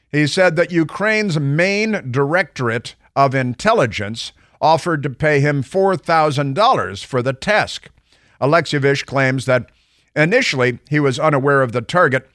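A man's voice: mid-range voice, a bit bright, dry recording, studio quality. A man hosting a talk radio show, delivering a sarcastic monologue. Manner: sarcastic, mocking quoted voices.

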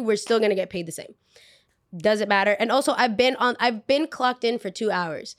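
A woman podcast host telling a story in a casual monologue. She talks in an animated, chatty way and uses a lot of "like" asides. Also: medium pitch, normal speed, no room sound, clean studio sound.

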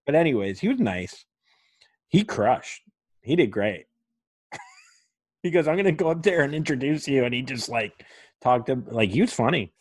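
A man's voice: mid-range voice, expressive, moderate pace, pauses often, husky, no echo. Man, comedian podcast host, rambling anecdotes, lots of swearing, dry close sound. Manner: rambling storytelling, swears often. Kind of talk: casual podcast chat.

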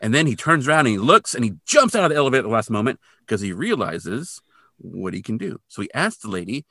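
Male podcast co-host, animated storyteller, bright tone, dry close sound. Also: medium pitch, fast talker, creaky, dry recording. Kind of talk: casual recap chat.

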